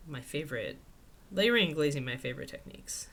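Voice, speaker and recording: A woman's voice: deep voice, lively intonation, brisk, a bit bright. A woman teaching miniature painting in a casual live stream, chatting and thinking aloud at her home desk.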